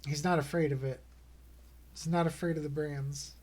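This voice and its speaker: A man with a slightly high voice reads poems aloud on a livestream. His manner is playful and relaxed, with light chuckles and offhand commentary between the readings. It sounds like a casual home streaming setup. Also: moderate pace.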